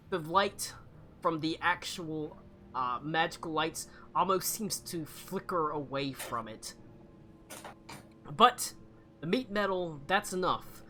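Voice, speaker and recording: A man narrating a tabletop game as game master, slow and halting with many fillers. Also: a little high, animated, sharp tone, slight background noise.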